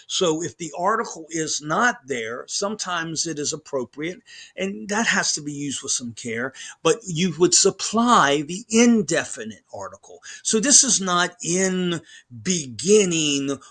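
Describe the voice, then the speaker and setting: A man's voice: on the high side, big pitch swings, a little slow, a bit bright, husky. A man lecturing on grammar as a professor, emphatic, often repeating words and restarting his sentences. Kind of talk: recorded lecture.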